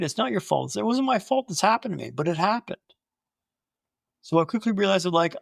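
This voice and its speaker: A young man telling his own story in an animated way, with punchy short phrases. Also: fairly high pitch, vocal fry, dry recording, studio quality.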